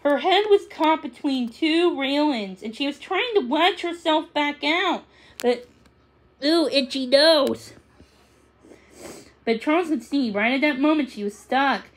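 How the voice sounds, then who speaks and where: Woman, story reader, children's book, high voice, slow, occasional slips. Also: expressive. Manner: unhurried, with small slips and restarts. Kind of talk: reading a children's book aloud.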